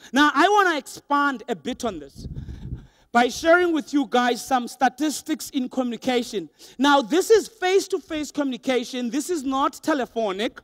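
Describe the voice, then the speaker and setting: Man, young adult, motivational speaker, high-pitched, animated, dry close sound. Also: dry recording. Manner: animated, acts out quoted voices for laughs. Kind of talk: motivational keynote speech. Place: large hall with a live audience.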